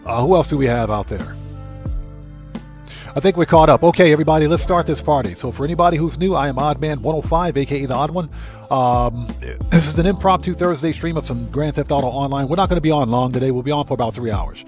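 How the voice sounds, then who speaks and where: A male livestream host with a voice pitched somewhat high, talking in a fired-up, indignant rant. Faint music plays under him. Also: fast talker, a little mellow. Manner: fired-up and indignant, greeting chatters by name. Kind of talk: ranting livestream chat.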